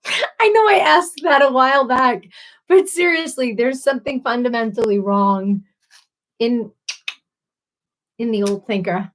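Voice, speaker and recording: A woman chatting on her livestream in a slightly high voice, slow and unhurried. She rambles, giggles and keeps apologizing, a little tipsy from her drinks. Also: lively intonation, a bit bright, low-quality recording. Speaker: livestream host. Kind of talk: casual livestream chat.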